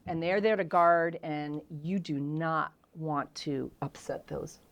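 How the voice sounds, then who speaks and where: A middle-aged woman appears as a guest on an interview show, sharing frank, self-deprecating stories with candid animation. Her voice is low and she speaks slowly.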